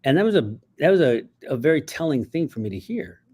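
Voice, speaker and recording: A male writer and actor telling stories in an interview, animated and acting out bits along the way. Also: fairly high pitch, a little fast. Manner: animated, acts out voices, frequent restarts. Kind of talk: interview storytelling.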